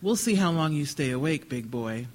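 A man reading as a fed-up, sharp-tongued wife. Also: fairly high pitch, lively intonation, moderate pace, lightly acted. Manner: blunt, clipped. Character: fed-up working-class wife, tough and sharp.

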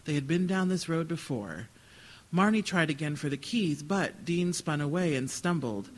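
A man's voice: fairly high pitch, expressive, normal speed, low-quality recording. A man giving a live reading of his literary fiction, with a dry, wry storytelling manner. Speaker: author reading.

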